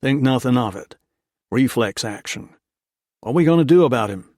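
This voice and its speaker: A male narrator voicing a steady soldier prisoner in an easygoing drawl, recorded dry. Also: medium pitch, normal speed, no echo, close to an everyday voice. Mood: easy.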